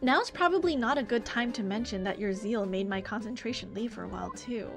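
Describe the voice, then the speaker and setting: A woman's voice: mid-range voice, a little fast, creaky, over music, lightly acted. A woman voicing a polite young male lawyer in her own voice while reading game dialogue. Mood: plain.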